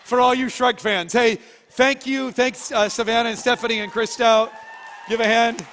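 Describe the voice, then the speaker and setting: A pastor preaching to his congregation, telling the story in a lively, joking way with a fairly high voice. The sound carries a long reverb from the church hall. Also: normal speed, a little hiss or hum. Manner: animated storytelling, jokey. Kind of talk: sermon. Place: church auditorium.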